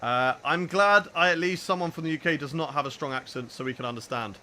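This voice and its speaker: A man's voice: a little high, fast talker. A man with a southern English accent streaming a racing game, joking and chatting energetically with his viewers. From southern England. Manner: energetic, jokey, chats to viewers. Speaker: gaming streamer. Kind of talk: live gameplay commentary chatting with viewers.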